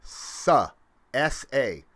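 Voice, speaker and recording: A man hosting a casual livestream from his home, rambling with lots of fillers and swinging up and down in pitch and loudness. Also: very animated, very slow. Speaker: livestream host.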